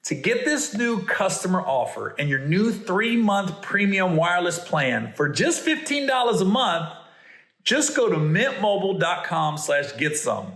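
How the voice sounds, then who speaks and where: A middle-aged man, a comedian hosting a podcast, telling stories and reading ads in a playful, animated way with stammering restarts. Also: high voice, a little slow. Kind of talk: casual storytelling and ad reads. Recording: roomy echo.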